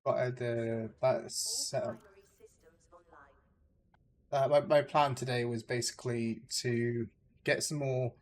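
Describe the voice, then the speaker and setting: A man's voice: mid-range voice, flat delivery, slow, pauses often, a little mellow, a little hiss or hum. A young man with an English accent, chatting loosely with viewers while streaming a game, full of hesitations and fillers. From England. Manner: rambling, hesitant, full of likes and uhs. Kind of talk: casual gameplay chat with viewers.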